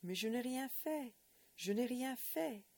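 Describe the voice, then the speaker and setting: A woman's voice: fairly high pitch, lively intonation, measured pace, a little mellow, dry recording, pitched above the performer's own voice. A woman voicing a panicked, tearful young Frenchman, pleading and urgent.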